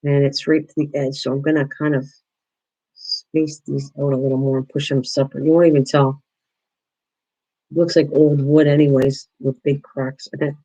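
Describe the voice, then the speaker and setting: A woman's voice: a bass voice, level tone, moderate pace, warm tone, low-quality recording. An older woman talks through a livestream as she crafts. She chats easily with her viewers and calls them by name. Her sentences often stop and start over. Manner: chatty, answers viewers by name, frequent restarts. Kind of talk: casual livestream chat while crafting.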